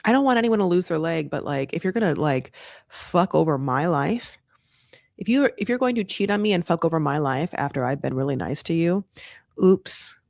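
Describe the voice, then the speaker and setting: A sassy, outspoken man recaps a reality show in an unfiltered way, with plenty of swearing. He bounces into a higher voice whenever he quotes someone. The sound is dry and close, with no room echo. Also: animated, a little fast, gravelly. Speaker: TV recap host.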